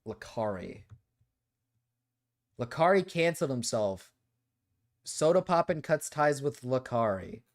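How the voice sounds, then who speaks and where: A young man streaming live, chatting casually and reacting defensively, moving between low mumbles and loud protests. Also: sing-song, measured pace, long pauses.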